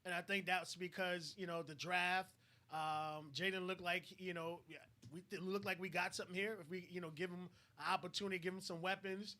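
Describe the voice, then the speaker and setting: A man hosting a casual sports chat, stumbling and repeating words, with quick agreeing interjections. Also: sits high, level tone, bright, forceful tone. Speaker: podcast host running the draft.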